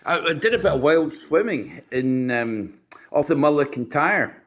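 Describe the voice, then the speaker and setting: A man's voice: a little high, expressive, normal speed, lo-fi sound. A Scottish man chatting on a video call as a guest, hesitant with many ums and restarts. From Scotland. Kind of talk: casual video call chat.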